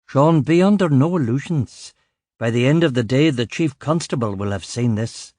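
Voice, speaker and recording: Brief: man playing a clipped, grave chief inspector, fairly low and quiet, dry sound. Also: lively intonation, normal speed, dry recording, lightly acted. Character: stern, measured male chief inspector.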